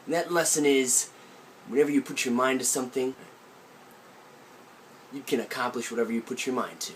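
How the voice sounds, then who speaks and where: A man's voice: mid-range voice, fairly quick, slight background noise. A young man vlogging from his aunt's country house, telling a childhood story with a playful, mock-serious delivery. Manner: animated, playful deadpan storytelling. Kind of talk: comic storytelling vlog.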